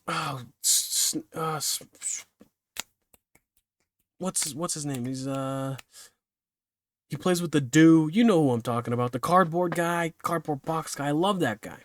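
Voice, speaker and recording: Young man, solo podcast host, rambling chatty talk, quick to laugh at himself, dry close sound. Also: on the high side, a bit bright, no room sound. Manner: rambling, self-deprecating, laughs easily.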